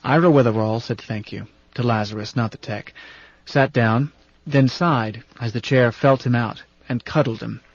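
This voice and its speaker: A man narrating an audiobook, reading in a steady, even manner. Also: mid-range voice, normal speed, dry recording. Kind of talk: scripted narration. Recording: dull, dry studio recording.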